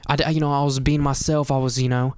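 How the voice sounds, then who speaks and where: A young man tells a story in a loose, rambling way, packing his talk with "you know," "dude" and "bro." His voice sits at an ordinary pitch and sounds close and dry, with no room around it. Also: little pitch movement, fast, darkish tone, clear, resonant tone, no echo. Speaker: vlogger. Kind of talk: casual storytelling monologue.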